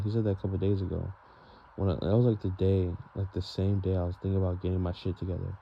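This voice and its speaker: A man's voice: sits low, flat delivery, quick pace, creaky. A young man venting in a rambling, frustrated vlog monologue, full of fillers and "bro". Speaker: vlogger. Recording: dull lo-fi sound with faint noise.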